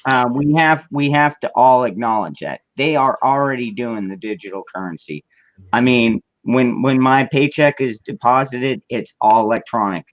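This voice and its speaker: A man's voice: mid-range voice, moderate pace, dry recording. A man in a casual chat, talking hesitantly and often repeating words. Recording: dull lo-fi sound.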